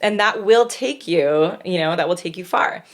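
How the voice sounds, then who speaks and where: A woman's voice: lowish voice, moderate pace. Chatty laughing female horn teacher. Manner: chatty, laughs often, lively storytelling. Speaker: horn teacher and podcast co-host. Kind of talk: casual podcast chat.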